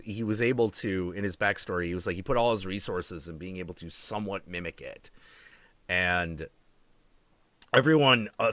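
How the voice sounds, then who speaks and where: Male streamer, animated swearing storyteller, bright voice with lively pitch, dry close sound. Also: dry recording. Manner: animated storytelling with profanity and acted-out quotes. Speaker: stream host. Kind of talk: casual chat.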